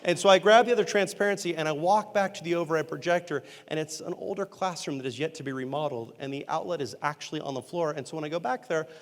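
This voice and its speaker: A man giving a humorous storytelling keynote, acting out characters with quick voice changes and self-deprecating comic timing. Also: a little high. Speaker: motivational speaker and entertainer. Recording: long hall reverb.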